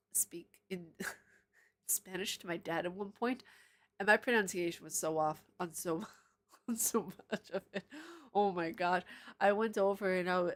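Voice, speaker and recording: A woman streaming live, chatting casually and answering viewer comments, rambling into tangents and laughing often. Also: lowish voice.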